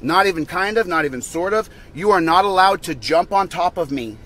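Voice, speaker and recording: A man's voice: high voice, animated, fairly quick, fairly bright tone. A young man in a heated, profane rant to his vlog audience, repeating himself as he vents. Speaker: vlogger. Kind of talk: angry rant to camera.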